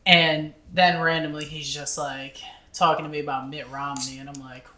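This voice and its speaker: A young man with a bright, forward voice tells a story in a casual podcast chat. He laughs as he goes and acts out the people in it. The room adds a noticeable echo. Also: on the high side, flat delivery, moderate pace. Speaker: podcast co-host.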